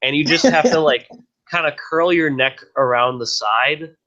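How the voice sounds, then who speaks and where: A man's voice: a little high, moderate pace, lo-fi sound, crowd noise. A man co-hosting a casual podcast, rambling with many restarts and fillers. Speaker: podcast co-host.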